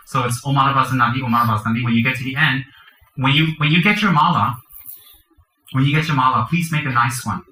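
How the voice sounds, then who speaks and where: A man's voice: mid-range voice, fast talker, sharp tone, echoey room, rough recording. A man, a Buddhist teacher, giving a dharma teaching to a group, chanting mantras and explaining the practice with joking asides.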